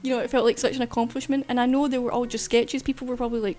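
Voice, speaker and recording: A woman's voice: a little high, flat delivery, very fast, few pauses, a little mellow. A woman artist chatting casually while streaming, rambling and swearing freely. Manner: chatty, loose, swears casually, frequent fillers. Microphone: desk mic while streaming.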